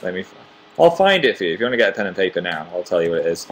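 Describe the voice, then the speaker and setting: Young male livestream host, chatty and self-mocking, slightly low voice, reading fan comments. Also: sing-song, very fast, a bit bright, slight background noise. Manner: chatty, self-deprecating, reads viewer comments aloud.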